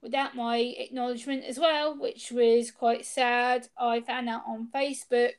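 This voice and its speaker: A young woman tells a personal story over a video call. Her voice sits a little high, and she jumps into the voices of the people she quotes. The delivery is casual and lively. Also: a little slow, smooth. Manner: animated, acts out quoted exchanges. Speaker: interview guest.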